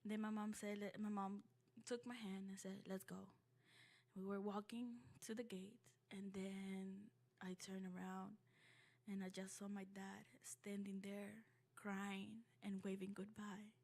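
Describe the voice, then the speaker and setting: A young woman from Ecuador shares a personal story aloud, her voice sitting at an ordinary middle pitch. She talks in a halting, heartfelt way, pausing, restarting and filling gaps with small hesitations. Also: little pitch movement, a little mellow.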